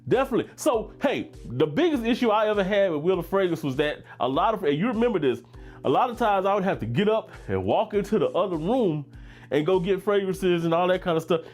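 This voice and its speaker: A man's voice: high voice, expressive, a little fast, faint music behind. A middle-aged man from Baton Rouge with a Louisiana accent, hosting a casual fragrance livestream. He talks in a laid-back, chatty way and reads comments from the chat aloud.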